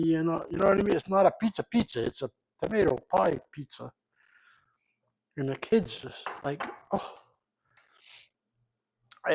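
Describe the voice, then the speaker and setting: A middle-aged man from Rhode Island, rambling loosely and swearing as he makes a recipe in his home kitchen. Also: on the high side. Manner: rambling, profane, loose and jokey. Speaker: home cook vlogger. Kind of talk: casual cooking vlog.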